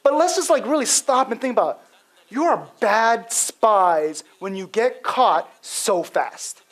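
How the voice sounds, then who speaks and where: A man preaching a sermon, telling the story in a casual, animated way with lots of fillers. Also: high voice, slow. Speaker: pastor.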